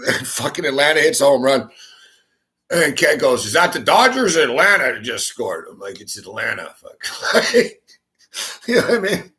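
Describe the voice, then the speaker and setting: A man's voice: mid-range voice, big pitch swings, moderate pace, sharp tone. A man hosting a sports talk show, telling a story in a casual, profane, exasperated rant and laughing often. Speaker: sports talk radio host.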